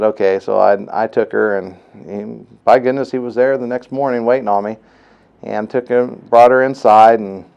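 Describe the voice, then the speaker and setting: A man's voice: fairly low pitch, vocal fry, a little mellow, smooth. A man casually telling the story of his colicky baby as a father's testimonial, rambling with many fillers and retelling what others said.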